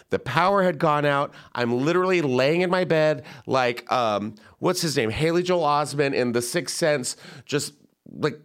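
A young man hosting a podcast, telling a story in an animated, chatty way and acting out the voices of people he quotes. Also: fairly high pitch, clear, resonant tone. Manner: animated, quick asides, acts out quoted voices. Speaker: podcast host. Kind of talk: casual storytelling chat.

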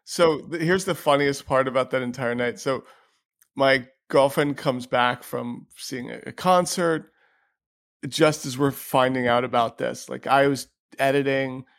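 A man's voice: mid-range voice, fairly even intonation, measured pace, gravelly, fairly bright tone. Man telling rambling comic stories. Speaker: guest comedian. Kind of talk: casual comedic storytelling.

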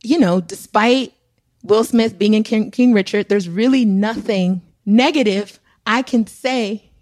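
A woman co-hosting a podcast, talking in an enthusiastic, animated way. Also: medium pitch, measured pace, dry recording, clean studio sound. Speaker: podcast co-host. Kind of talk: casual podcast chat.

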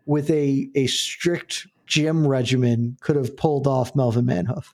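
A man's voice: medium pitch, fairly even intonation, measured pace, a little mellow. Chatty laughing man co-host. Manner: rambling, laughs often, restarts sentences. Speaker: podcast co-host. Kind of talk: casual chat.

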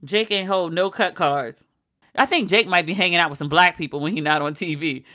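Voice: mid-range voice, fairly quick, bright, forceful tone. An American podcast host in a profane, exasperated comedic rant, firing off incredulous rhetorical questions. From United States.

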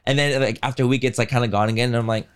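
A man's voice: mid-range voice, fairly even intonation, very fast, clean tone. A young man hosting a podcast, talking frankly and animatedly with lots of fillers. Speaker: podcast host. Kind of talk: casual podcast chat.

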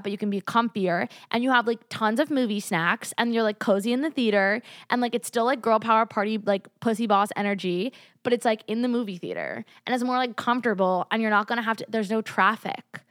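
A woman's voice: medium pitch, no room sound. Podcast host, young woman, casual chatty rant, a little under the weather, dead dry close mic. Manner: animated, heavy use of "like", swears freely. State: sick. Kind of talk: casual opinion chat.

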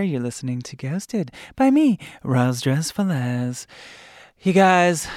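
A campy podcast host, a man with a fairly high voice that swoops up and down a lot. He talks in a chatty, playful way, in a dry, close room. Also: a bit bright, smooth, no echo. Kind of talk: casual chat.

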